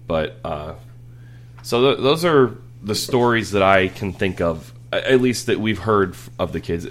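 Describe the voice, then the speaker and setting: A man's voice: low voice, lively intonation, a little slow. A man in his thirties chatting casually on a podcast, rambling and laughing through family stories. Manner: rambling, laughing, with many restarts. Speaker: podcast host. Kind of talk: casual storytelling chat.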